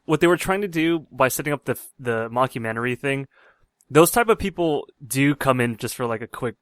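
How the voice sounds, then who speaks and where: A man's voice: mid-range voice, lively intonation, brisk, fairly bright tone, no room sound. Dry-miked man, easygoing podcast co-host. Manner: hesitant, restarts often, easygoing. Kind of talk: casual movie review chat.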